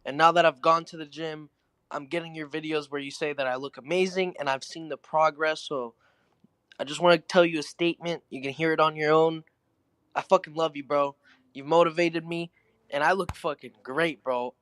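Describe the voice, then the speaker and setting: A man calling in to a show, thanking the host with excited, swearing enthusiasm. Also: on the high side, moderate pace, no room sound. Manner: gushing, profane enthusiasm. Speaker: caller.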